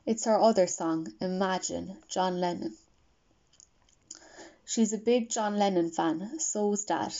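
A woman reading an audiobook as first-person narration, quiet, reflective and wistful, on a dull lo-fi recording. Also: mid-range voice, slow, long pauses.

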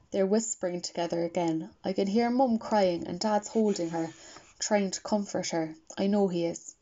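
A woman reading an audiobook as first-person narration, quiet, reflective and wistful, on a dull lo-fi recording. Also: medium pitch, fairly even intonation, normal speed.

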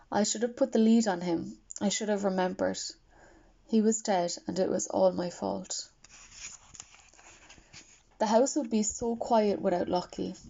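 A woman reading an audiobook as first-person narration, quiet, reflective and wistful, on a dull lo-fi recording. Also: medium pitch.

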